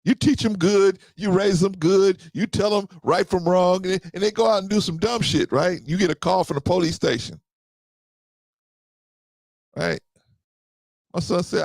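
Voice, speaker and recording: Man, about fifty, gravelly voice, lively pitch, casual podcast talk, keeps asking "right?". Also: normal speed, no echo. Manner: conversational, repeats himself, often asks "right?". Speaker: podcast host.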